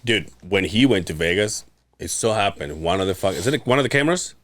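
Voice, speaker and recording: A man on a podcast telling a story in casual chat, animated and laughing, swearing freely and acting out the other people. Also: deep voice, a little fast, no room sound. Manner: animated, laughing, swears a lot, acts out voices. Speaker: podcast co-host.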